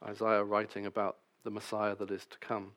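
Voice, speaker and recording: A man's voice: on the low side, monotone, normal speed, a bit bright. A man preaching a sermon, reading scripture passages and then explaining them with wry, self-deprecating asides.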